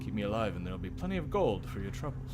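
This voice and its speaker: A man voicing a smooth-talking, scheming male bandit leader. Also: a little high, sing-song, fairly quick, music in the background, pitched above the performer's own voice.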